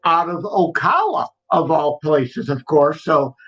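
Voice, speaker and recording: High, bright-voiced man on a dull line. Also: expressive, slow. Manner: easygoing and chatty, drifting between small asides. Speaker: podcast guest. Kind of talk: casual chat.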